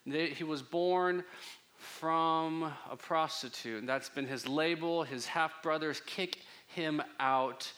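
A man's voice: fairly high pitch, pushed and bright. A young adult man preaching a sermon in a casual, joking, conversational way. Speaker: pastor.

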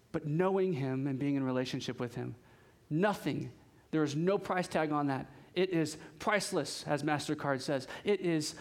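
A young man preaching a sermon in a lively, conversational way, with casual asides. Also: fairly high pitch. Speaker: pastor.

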